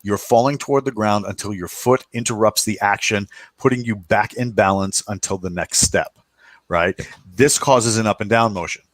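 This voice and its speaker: A man with a lowish voice hosts a casual podcast chat. He rambles in a loose, slangy way and keeps restarting his sentences. The sound is dry and close. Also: moderate pace, no echo. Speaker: podcast host.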